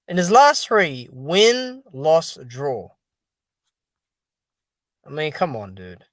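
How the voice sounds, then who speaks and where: A man's voice: on the high side, wildly swooping pitch, drawn-out words, dry recording. Exasperated man ranting casually about boxing. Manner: exasperated, dismissive, repetitive fillers like "dude" and "man". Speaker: boxing commentary channel host. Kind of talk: casual solo boxing and MMA commentary.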